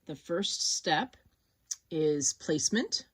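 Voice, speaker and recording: A woman teaching an embroidery project, relaxed and thinking aloud as she works step by step. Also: low voice, slow, slightly rough. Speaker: sewing instructor. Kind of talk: casual step-by-step tutorial.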